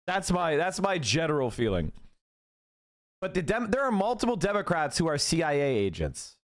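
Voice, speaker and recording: A man's voice: a little high, huge pitch swings, moderate pace. A man streaming a heated political rant, profane and exasperated, firing off rhetorical questions.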